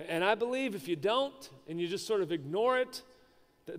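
A man preaching to a congregation in a talky, conversational way, full of restarts and questions thrown out to the room. His voice sits a little high for a man. It rings with a long reverb from a large hall. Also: lively intonation, moderate pace. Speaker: pastor. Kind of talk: sermon.

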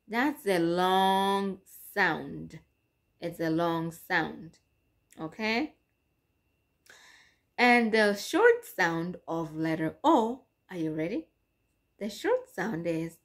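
A woman teaching English letter sounds in a slow phonics lesson, stretching and repeating each sound and switching between English and Swahili. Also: on the low side, lively intonation.

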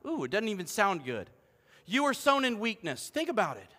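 A middle-aged man, preaching a lively, joking sermon as pastor and swinging between loud calls and hushed asides. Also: sits high, a little fast. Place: church sanctuary. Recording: long hall reverb.

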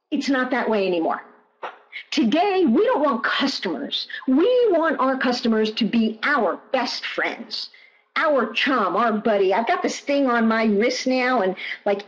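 A woman presenting in a webinar, answering questions in an emphatic way and repeating key phrases. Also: a little high. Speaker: guest presenter. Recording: muffled online audio.

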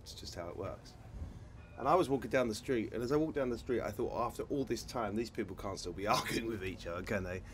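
A man's voice: on the low side, animated, quick pace, slight background noise. A male stand-up comedian telling a story live, rambling and hesitant, chuckling between lines.

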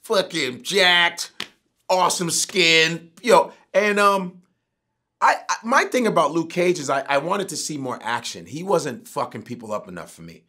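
A middle-aged man and comedian talking casually as a guest, animated and profane. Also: fairly high pitch, normal speed. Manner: animated, profane, prone to outbursts. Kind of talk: casual interview chat.

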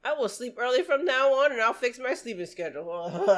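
Woman, reaction host, lively pitch, loud exclaims, slangy, music underneath. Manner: exclaims and laughs loudly, chatty slang. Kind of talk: casual reaction commentary.

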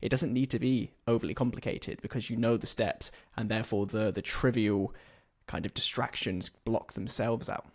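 A man hosts a conversational interview, with a voice sitting slightly low. He asks long, carefully built questions, adding one clause after another before he hands over to the guest. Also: fairly even intonation, moderate pace, darkish tone. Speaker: podcast host.

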